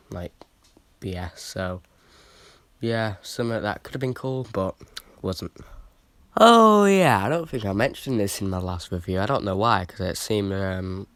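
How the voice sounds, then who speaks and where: A man's voice: low voice, fairly bright tone. A British man reviewing a horror film in a casual, rambling way, with lots of fillers and restarts.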